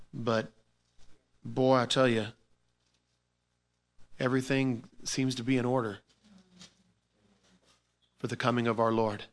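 A man delivering a sermon as a pastor, his voice medium in pitch. He swings between loud, emphatic bursts and quiet, offhand asides, talking informally with repeated words and restarts.

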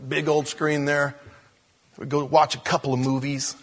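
A man preaching a sermon, shifting between soft hushed moments and loud, animated storytelling. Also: on the high side, moderate pace. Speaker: pastor.

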